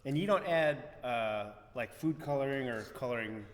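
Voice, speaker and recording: A man's voice: medium pitch, expressive, normal speed. A man co-hosting a podcast interview, asking long, rambling questions in several parts. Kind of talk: casual interview. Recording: roomy echo, long reverb, faint ambient noise.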